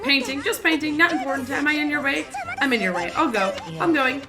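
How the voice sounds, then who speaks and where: A woman's voice: high-pitched, a little fast, close to an everyday voice. A woman voicing a timid, panicky young recluse who stammers out apologies.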